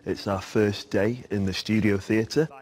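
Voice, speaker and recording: A stage actor speaking earnestly and reflectively in a documentary interview. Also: male voice, on the low side, steady tone, a little slow, music in the background.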